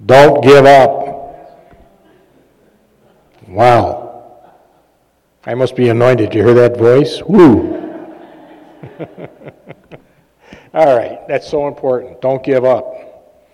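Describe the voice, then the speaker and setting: Relaxed male preacher in a hall. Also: medium pitch, slow, long pauses. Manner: conversational, jokey, fillers and self-laughs. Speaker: pastor and healing minister. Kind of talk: sermon with personal stories. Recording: long reverb of a large hall.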